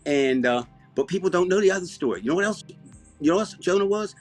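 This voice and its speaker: A man with an Alabama Southern accent, hosting a comedy show and rambling deadpan through comic banter. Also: high voice, fast, faint music behind. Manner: rambling, deadpan, self-interrupting.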